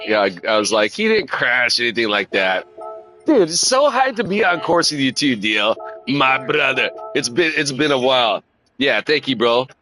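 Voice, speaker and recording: A middle-aged male live streamer chats casually and candidly while playing a racing game, swearing freely and leaning on "man" and "right?". His mid-range voice comes through a low-quality recording, with loud car engine noise and racing game sounds behind it.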